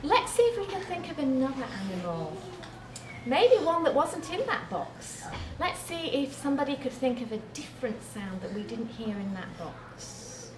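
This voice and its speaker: A British woman, a primary school teacher, is captured from across a noisy, echoing classroom while leading young children in a sound game. Her high voice swings widely in pitch at a normal speed. She cheers the children on, lengthens her words, and imitates animals and buzzing.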